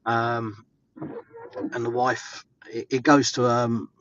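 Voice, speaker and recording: A man's voice: mid-range voice, level tone, slow pace, a bit bright, highs cut off, a little hiss or hum. An English man vlogging casually outdoors in the snow, chatty and rambling with lots of fillers. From England. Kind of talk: casual walking vlog.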